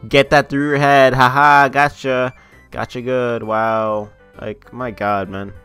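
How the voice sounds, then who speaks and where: A young man rants into his camera in a casual vlog, swearing freely and sneering sarcastically at his subject. His voice is bright and sharp, at an ordinary pitch for a man. A faint bed of music plays underneath. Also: level tone, slow, clean tone. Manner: profane, sarcastic, mocking. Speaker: YouTuber.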